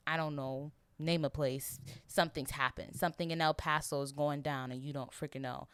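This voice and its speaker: Young female podcast host, casual rambling delivery, clear smooth tone, dry close sound. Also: deep voice, steady tone, moderate pace, hardly any pauses, a bit bright, dry recording. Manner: emotional, rambling, swears freely. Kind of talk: casual solo podcast review.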